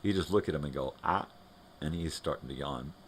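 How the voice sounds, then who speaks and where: A man's voice: a bass voice, quick pace, slight background noise. A man hosting a live morning show from home, chatting loosely and rambling, turning now and then to talk to his dogs. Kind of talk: casual rambling chat.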